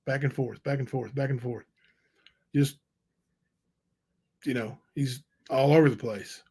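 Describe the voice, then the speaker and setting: A male livestream host reading letters aloud and commenting on them, halting and unsure, with many fillers. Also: mid-range voice, steady tone, dark tone, slightly rough.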